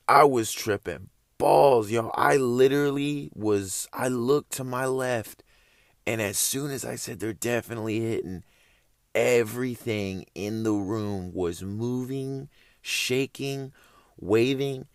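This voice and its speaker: A man's voice: medium pitch, unhurried, no room sound, clean studio sound. A young man casually telling a story, laid-back and slangy, rambling along with loose phrasing.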